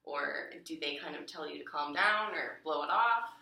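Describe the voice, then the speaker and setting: A woman's voice: deep voice, moderate pace, creaky, pushed and bright. A woman counselor who asks probing questions and offers encouragement in a counseling session. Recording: echoey room, mic far off.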